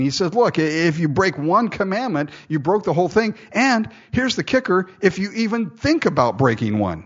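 A man's voice: on the high side, muffled recording. A man preaching a sermon, reading scripture aloud and breaking off into jokey, conversational asides.

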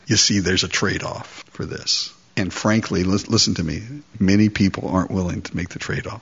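A man preaching a sermon as pastor, lively and acting out little dialogues as he goes. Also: on the low side, moderate pace, husky, highs cut off. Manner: animated, acts out dialogues with God.

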